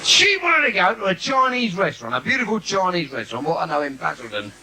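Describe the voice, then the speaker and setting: A man's voice: high-pitched, big pitch swings, fast talker, sharp tone. A man with a London accent doing brash, cheeky stand-up on a theatre stage, teasing the crowd, recorded live in a noisy theatre. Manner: brash, cheeky patter with audience asides. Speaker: stand-up comedian. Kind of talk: live bawdy stand-up routine.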